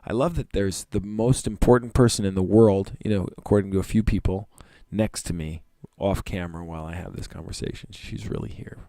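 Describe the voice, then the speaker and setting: Low mellow guy rambling to camera, musing and blunt, dry close sound. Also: fairly quick, gravelly, few pauses, no room sound. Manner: meandering, musing, with blunt swearing. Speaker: vlog host. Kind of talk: casual rambling monologue.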